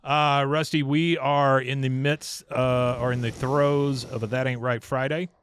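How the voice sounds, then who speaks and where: A man's voice: medium pitch, level tone, a little slow, a bit bright, slight background noise. A man hosting a casual podcast, joking around and reassuring in short interjections. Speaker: podcast host.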